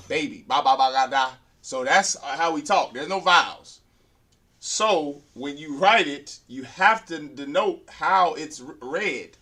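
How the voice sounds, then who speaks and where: With a fairly high, bright, forceful voice, a man teaches beginners a language at the whiteboard. He pronounces words one syllable at a time and repeats them as he writes.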